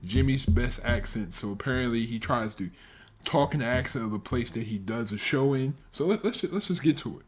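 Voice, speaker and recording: Casual reaction host with a lively voice. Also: male voice, medium pitch. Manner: musing, halting, laughs along. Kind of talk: casual commentary.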